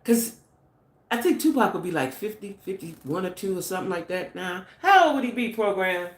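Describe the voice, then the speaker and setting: A woman's voice: medium pitch, expressive, moderate pace, echoey room. A middle-aged American woman hosting a casual gossip live stream, chatty and speculative, talking straight to her viewers. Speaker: channel host.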